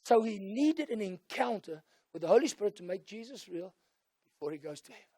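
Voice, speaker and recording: South African male pastor, middle-aged, high voice, sermon swinging from soft to shouted, dry close sound. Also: lively intonation, fairly quick, husky, no echo. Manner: switches between soft storytelling and loud call-and-response shouting.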